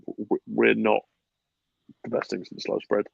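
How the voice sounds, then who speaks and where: A man hosting a casual football podcast, animated and swearing freely, with bursts of laughter. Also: on the low side, a little slow, creaky, husky, dry recording, dull audio. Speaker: podcast host.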